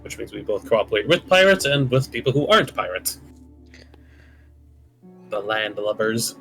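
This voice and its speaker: A man's voice: on the low side, big pitch swings, moderate pace, fairly bright tone, faint music behind, poor audio. A man chatting casually as a player in an online tabletop game, laid-back and joking with many fillers. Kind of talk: casual chat on a live stream.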